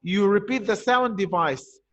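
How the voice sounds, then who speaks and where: A man's voice: high voice, unhurried, a bit bright, highs cut off. A male teacher giving an online poetry lesson, explaining step by step and asking and answering his own questions. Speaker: primary school teacher.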